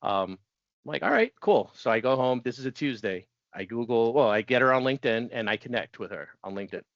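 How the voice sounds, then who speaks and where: A man in his forties telling his story as a podcast guest, chatty and quick to laugh, often restarting sentences. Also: mid-range voice, a bit bright, no echo. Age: 40s. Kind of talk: casual storytelling interview. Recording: dull dry lo-fi audio.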